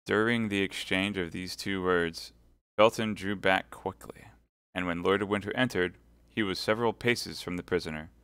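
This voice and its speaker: A man reading a classic novel aloud live, in a measured, expressive way. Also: low voice, smooth, dry recording. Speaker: audiobook reader.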